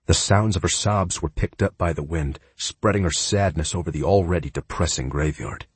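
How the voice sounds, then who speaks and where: A man's voice: sits low, normal speed, breathy edge, no echo. A man narrating a first-person audiobook in a raw, emotive, earnest manner.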